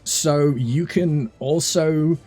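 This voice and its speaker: A man's voice: fairly high pitch, drawn-out words, a little mellow, breathy edge, soft background music. A man narrating as dungeon master over a voice call, describing the scene with many fillers and restarts. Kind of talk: narrating a tabletop game.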